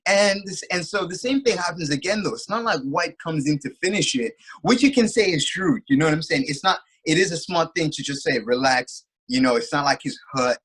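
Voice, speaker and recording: A man's voice: on the high side, lively intonation, fairly quick, hardly any pauses, fairly bright tone, husky, rough recording. A man co-hosting a casual chat, telling a fight story with lots of filler phrases. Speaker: co-host.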